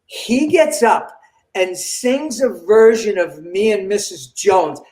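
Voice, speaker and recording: Older male comedian, high voice, animated storyteller acting out quotes, roomy echo. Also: slow pace. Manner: animated, acts out quoted dialogue. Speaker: comedian guest. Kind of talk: storytelling in an interview.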